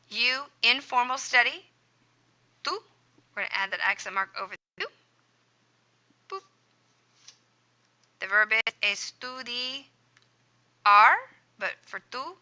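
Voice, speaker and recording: A woman runs a screen-recorded grammar lesson in a very bright, clear voice. She is upbeat and encouraging with her students, and she punctuates her steps with playful sound effects. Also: medium pitch. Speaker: Spanish teacher.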